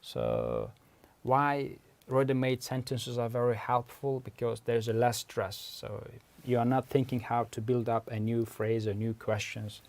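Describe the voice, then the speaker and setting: This man speaks with a creaky, slightly mellow voice at medium pitch and a measured pace. He's a language researcher, a native Uzbek speaker with an Uzbek accent, giving an explanatory lecture. He is patient and methodical and often pauses to define terms.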